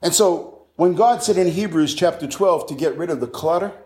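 A man's voice: fairly high pitch, moderate pace, darkish tone. A middle-aged man from the United States preaching a sermon, fervently quoting scripture and repeating his points for emphasis.

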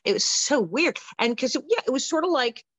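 Animated woman telling showbiz stories. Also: high-pitched, moderate pace, breathy edge, dry recording. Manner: animated, acts out quoted voices. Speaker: interview guest, former child actress. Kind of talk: anecdotal storytelling. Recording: dull lo-fi sound.

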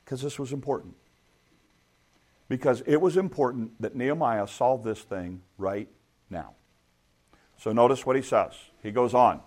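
A man's voice: medium pitch, measured pace, pauses often, darkish tone. A middle-aged man preaching a sermon in a conversational way, asking his listeners rhetorical questions. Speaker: pastor.

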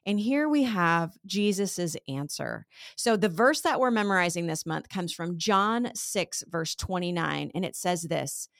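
A woman's voice: lowish voice, a little slow, few pauses, no echo, clean studio sound. Chatty woman teaching a Bible verse. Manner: conversational, retells scripture scenes in lively everyday speech. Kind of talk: casual Bible lesson.

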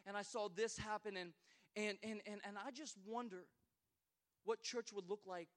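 A man in his thirties delivers a sermon in a notably high voice. He often restarts his phrases and moves between loud calls to the congregation and quiet personal storytelling. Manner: preaching with many repeated starts, swinging from loud exhortation to quiet storytelling. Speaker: pastor.

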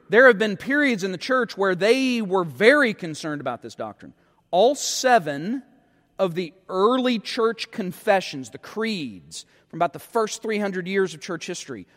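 High-voiced man preaching in a reverberant hall. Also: fairly bright tone. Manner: earnest teaching tone with frequent repeated words. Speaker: pastor. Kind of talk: sermon.

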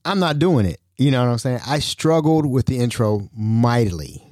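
A man's voice: medium pitch, animated, normal speed, darkish tone, no echo, studio quality. A man hosting his own podcast in casual solo talk, rambling and self-mocking, laughing often. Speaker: podcast host.

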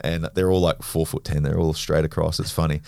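A deep-voiced Australian man talks at a quick clip, telling stories bluntly and dropping swear words as he goes. The sound is dry and close, with no room around it. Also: creaky, no echo. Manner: blunt, swears freely, animated retelling. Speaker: podcast guest, grappler and former rugby league player. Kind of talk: casual storytelling.

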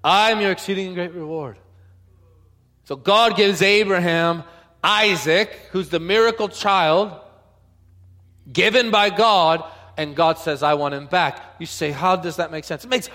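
Bright, high-voiced preacher in a reverberant hall. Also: male voice, a little slow. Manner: swings from loud declaring to soft intimate murmuring. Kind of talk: sermon.

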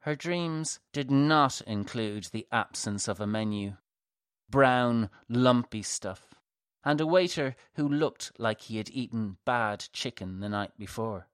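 A man reading a novel aloud as a measured audiobook narrator. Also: medium pitch, fairly bright tone, clean tone, no room sound, studio quality. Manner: slow, measured.

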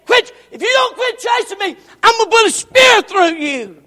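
A man preaching who voices a proud, combative army commander, shouting his challenges in an echoey hall. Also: very high voice, animated, normal speed, pitched above the performer's own voice, exaggerated voice. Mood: challenging.

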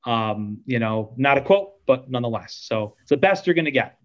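A man's voice: medium pitch, lively intonation, normal speed, muffled recording. A middle-aged man, a podcast guest, telling a rambling, self-deprecating story in casual chat with lots of fillers.

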